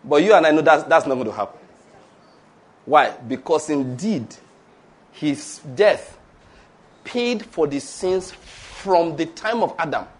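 A pastor preaches a sermon in a high-pitched voice, laughing between his points and shifting from slow, weighty lines into quick asides. He is animated and has the congregation repeat after him in call-and-response.

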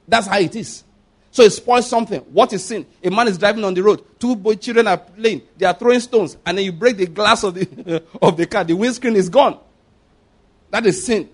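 A man preaching a sermon as pastor, emphatic, often asking the congregation if they follow and swinging between loud and hushed delivery. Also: high voice, breathy edge.

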